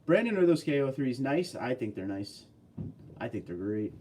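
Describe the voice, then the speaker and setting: A man's voice: mid-range voice, sing-song, normal speed, mellow, recorded from a distance, a little hiss or hum. A man hosting a casual livestream, chatting loosely and answering viewer questions as they come in. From California. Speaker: livestream host. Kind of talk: casual livestream chat reading viewer comments.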